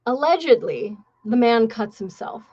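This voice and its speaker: A woman's voice: fairly high pitch, big pitch swings, a little slow, dark tone, dull audio. A woman hosting a podcast, telling a story in a blunt, sarcastic and profane way. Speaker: podcast host. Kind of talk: casual storytelling.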